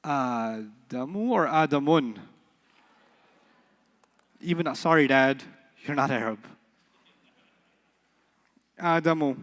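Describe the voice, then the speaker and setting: A man teaching an Arabic class in a lively, playful way, joking and quizzing his students. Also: medium pitch, slow, pauses often. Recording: long hall reverb.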